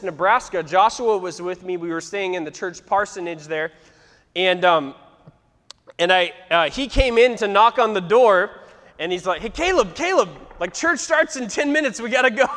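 A man's voice: high-pitched, sharp tone. A man preaching in a church sanctuary, telling a story dramatically and laughing often. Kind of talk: sermon with vivid storytelling. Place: church sanctuary, live before a congregation. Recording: long reverb of a large church hall.

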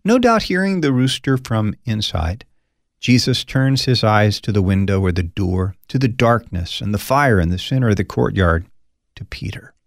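A man teaching scripture as a pastor, his pitch swinging widely as he acts out quoted lines. His voice carries a gravelly edge, and the recording is dry and close. He adds conversational, folksy asides. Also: expressive, moderate pace, no echo. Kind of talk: Bible study teaching.

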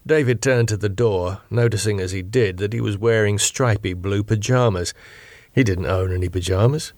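A man narrating his own audio drama in a measured, deliberate storytelling manner. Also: lowish voice, fairly even intonation, no room sound, clean studio sound. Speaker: narrator and author.

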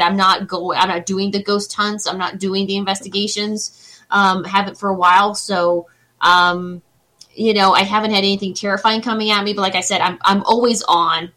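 A woman's voice: medium pitch, bright, forceful tone, poor audio. A woman guest on an interview show who does psychic readings, talking in a reassuring, chatty way. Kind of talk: casual interview chat.

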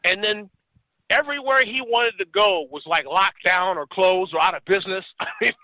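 A man's voice: sits high, moderate pace, sharp tone, dry recording, low-quality recording. A man in his forties telling a story in casual chat, rambling and acting out the voices of the people he quotes. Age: 40s.

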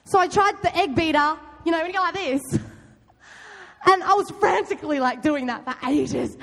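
A young woman giving a loud, chatty youth talk, often quizzing her audience. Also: extremely high pitch, moderate pace, vocal fry. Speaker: youth group speaker. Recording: long hall reverb.

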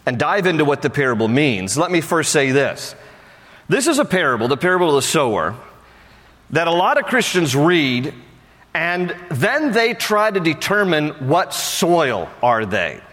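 A man preaching a sermon in a loose, chatty manner, slipping jokes and asides in between the teaching. His voice sits a little higher than most men's, and it rings out with a long reverb, as if he is speaking in a big hall. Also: fairly bright tone. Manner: conversational and joking, with playful asides. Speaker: pastor.

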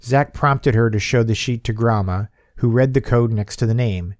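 Guy narrating an audiobook story, mid pitch, dry close mic, perks up for the dialogue. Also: normal speed, darkish tone, no room sound. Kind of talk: scripted narration.

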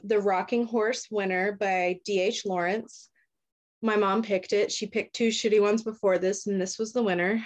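A young woman hosting a casual chat, loosely retelling a short story with lots of fillers and swearing. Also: medium pitch. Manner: loose and profane, heavy fillers. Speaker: podcast host.

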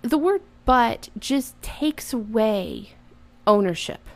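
A woman's voice: fairly high pitch, expressive, slow pace. A woman talking casually and earnestly as a parent, giving reflective advice about apologizing.

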